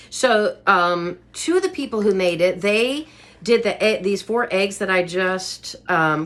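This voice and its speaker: A woman's voice: medium pitch, a bit bright. A woman hosting a home cooking vlog, chatting to her viewers while cooking in her kitchen and laughing often. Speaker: cooking show host.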